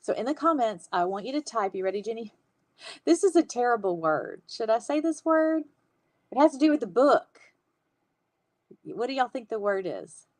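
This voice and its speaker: A woman's voice: fairly high pitch, big pitch swings, normal speed, no echo. A woman, hosting a casual livestream on hand lettering and chatting with viewers. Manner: chatty, warm-hearted, laughs often.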